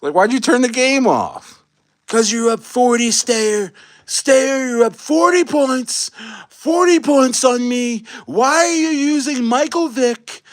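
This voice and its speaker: Man putting on a petulant older politician, high and shrill, whining, fawning, loud. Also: exaggerated voice. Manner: gushing praise, then whiny complaining.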